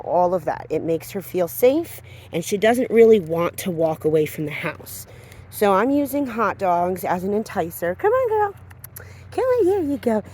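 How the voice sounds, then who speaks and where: Walking a dog outdoors on a street, a woman dog trainer calmly explains her training step by step, now and then breaking into high, sing-song praise for the dog.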